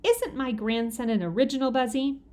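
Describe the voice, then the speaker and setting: A gentle grandmother speaks in a calm, soothing way, as a woman reading aloud puts her on. Her tone is patient and kind. It fits a children's audiobook. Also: high voice, normal speed, natural voice.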